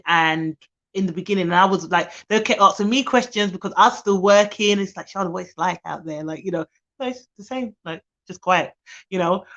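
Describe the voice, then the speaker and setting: Chatty young woman, lo-fi stream. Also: medium pitch. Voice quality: chatty, animated, laughs often. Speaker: nanny and childcare provider. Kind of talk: casual live-stream chat. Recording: dull lo-fi live stream audio.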